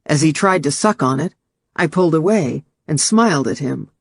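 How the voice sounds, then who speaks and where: A man reading a first-person novel aloud as audiobook narration, in a measured, steady storytelling manner on a close studio mic. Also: on the high side, creaky, breathy edge, no room sound.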